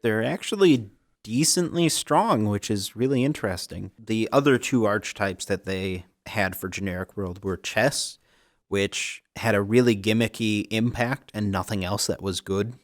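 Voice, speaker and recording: A man's voice: fairly low pitch, normal speed, no room sound, studio quality. A man co-hosting a casual card game podcast, chatty and upbeat, laughing often and stumbling over words now and then. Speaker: co-host.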